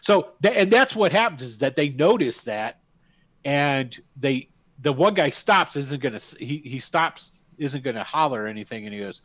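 A man acting as game master for a tabletop game, narrating scenes haltingly with lots of fillers and restarts. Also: mid-range voice, expressive, fairly bright tone, dry recording.

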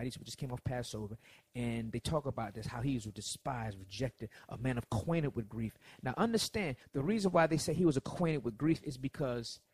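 A man preaching a sermon, swinging between soft lines and loud ones as he acts out quotes. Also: mid-range voice, slightly rough, no echo.

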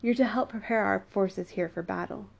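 A woman's voice: medium pitch, normal speed, creaky. A woman voicing a stern but forgiving king who speaks sharply and with command.

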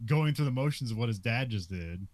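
A man's voice: medium pitch, expressive, brisk, a little mellow, dry recording. Laughing, rambling male podcast co-host. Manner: laughs often, many fillers and restarts. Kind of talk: casual film discussion.

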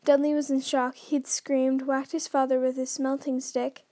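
Woman reading a chapter aloud, high mellow voice, keeps tripping over words and starting over. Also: level tone, moderate pace, dry recording. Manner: stumbles and restarts often while reading. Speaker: podcast host reading a book aloud. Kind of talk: unrehearsed read-aloud narration.

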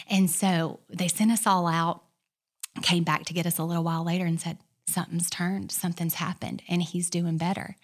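A woman's voice: on the low side, little pitch movement, normal speed. Earnest woman telling a family testimony. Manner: earnest storyteller, drops to a whisper for quoted prayers and builds to fervent. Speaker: guest. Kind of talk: personal testimony in casual talk.

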